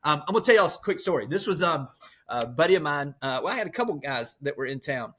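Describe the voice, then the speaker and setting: Guy on a podcast, kinda husky, upbeat storytelling with lots of metaphors. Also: a little high, quick pace. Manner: energetic storyteller who uses metaphors. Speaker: podcast guest, real estate leader. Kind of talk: motivational conversation.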